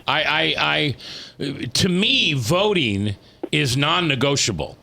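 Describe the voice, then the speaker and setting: A man's voice: a little high, big pitch swings, creaky, pushed and bright, slight background noise. A man hosting a talk radio show, chatting casually, rambling and restarting his sentences, stretching words for emphasis. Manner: rambling, restarts often, drawn-out emphatic phrasing.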